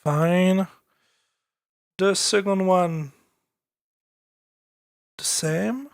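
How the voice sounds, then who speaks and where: A man's voice: high-pitched, very slow, gravelly, clear, resonant tone, no room sound, clean studio sound. A man with a French accent talking casually on a live stream as he produces music, thinking aloud with many fillers and restarts.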